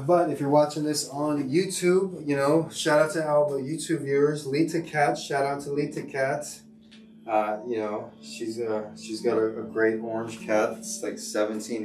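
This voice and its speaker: A middle-aged man, a teacher hosting a casual livestream, rambling with many fillers and restarts. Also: medium pitch. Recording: echoey room, far from mic, music behind.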